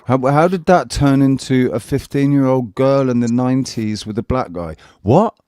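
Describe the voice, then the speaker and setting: A man's voice: mid-range voice, moderate pace, mellow, dry recording, clean studio sound. A man co-hosting a casual online chat show, teasing and mocking the others. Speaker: podcast co-host.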